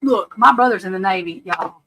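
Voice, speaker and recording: A woman hosting a live stream, giving casual true crime commentary in a blunt, profane, animated way and often laughing. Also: medium pitch, moderate pace, slightly rough, poor audio. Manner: laughs often while telling stories. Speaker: livestream host. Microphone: webcam or desk mic on a live stream.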